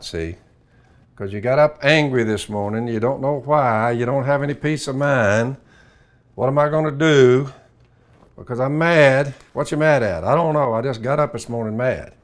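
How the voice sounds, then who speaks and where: A man's voice: mid-range voice, a little hiss or hum. An older man, hosting his own show and giving folksy, plainspoken homespun preaching. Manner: drawling, plainspoken, acts out imagined dialogue. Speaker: show host.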